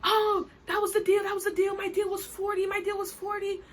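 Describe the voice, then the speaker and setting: A woman voicing an agitated male vendor who shouts and repeats himself demanding money. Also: level tone, a little fast. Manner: shouting, repetitive, high-pitched whine.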